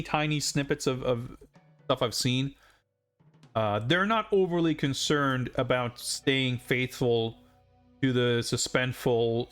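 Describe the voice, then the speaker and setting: A man's voice: medium pitch, fairly bright tone, smooth. A man casually chatting while streaming a video game live, rambling with lots of fillers and asides.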